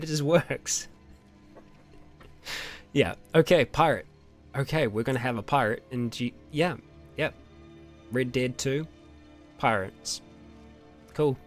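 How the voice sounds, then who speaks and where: A young man with an Australian or New Zealand accent, hosting a casual question-and-answer chat with his viewers, relaxed and rambling with lots of ums and small laughs. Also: medium pitch, measured pace, pauses often, soft background music. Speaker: roleplay channel host answering viewer questions.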